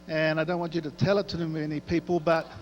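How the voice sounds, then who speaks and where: A man's voice: a little high, little pitch movement, quick pace, a little mellow. Kiwi guy doing an after-dinner speech, dry jokes, dull echoey sound with a faint hum. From New Zealand. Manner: dry, joking storyteller.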